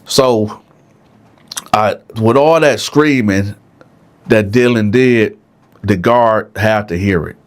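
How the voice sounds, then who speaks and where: A man's voice: lowish voice, takes it slowly, pauses often. A man telling a jail story casually, often checking in with the listeners. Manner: conversational, frequent "right?", addresses listeners.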